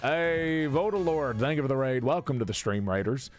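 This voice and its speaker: A chatty male streamer whose pitch swings widely as he laughs, swears and greets his chat. He runs one line over and over while drilling an accent. The sound is close and dry, with faint music playing underneath. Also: expressive, moderate pace, hardly any pauses, no room sound. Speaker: live streamer. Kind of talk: casual live-stream chat.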